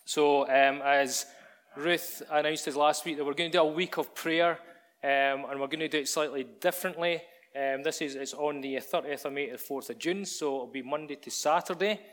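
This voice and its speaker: A man with a fairly high, fairly bright voice speaks to a church congregation, going through announcements and then beginning a sermon. He keeps it conversational and addresses the people directly.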